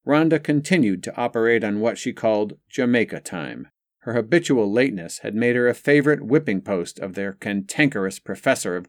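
A man narrating an audiobook in a steady, even reading style. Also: on the low side, no room sound, clean studio sound.

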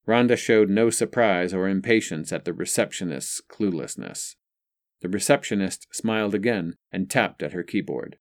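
A man reading a novel aloud as narrator, measured and expressive. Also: sits low, no room sound, studio quality. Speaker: audiobook narrator. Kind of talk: scripted narration.

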